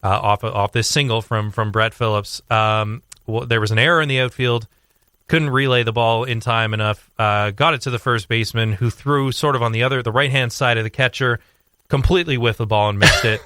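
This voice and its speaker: A young man talking sports on a radio show, rambling with fillers and restarts as he tells a story with growing excitement. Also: medium pitch, fairly quick, no room sound, clean studio sound. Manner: animated storytelling. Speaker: sports commentator guest. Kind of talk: casual radio sports chat.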